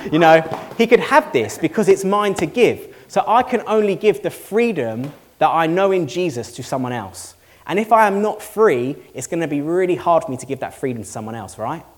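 A man's voice: a little high, a little mellow. Man preaching a casual sermon. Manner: earnest, conversational preaching with rhetorical questions. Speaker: pastor. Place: church hall before a congregation.

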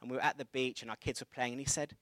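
A man's voice: mid-range voice, rapid-fire, no room sound. Man preaching with a story. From England. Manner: conversational storytelling, animated retelling of dialogue. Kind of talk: sermon with personal story.

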